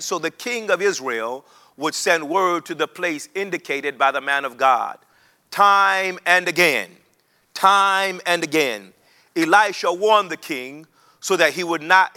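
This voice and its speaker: High, bright-voiced man preaching. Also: normal speed. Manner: repeats phrases for emphasis, builds to rising chanted intensity; leads the listeners in call-and-response. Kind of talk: sermon reading scripture to a broadcast audience.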